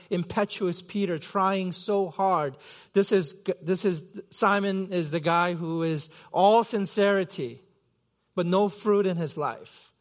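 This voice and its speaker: A middle-aged man from Korea preaching a sermon as pastor, in a conversational, self-deprecating way with many fillers and restarts. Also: high voice. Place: church sanctuary.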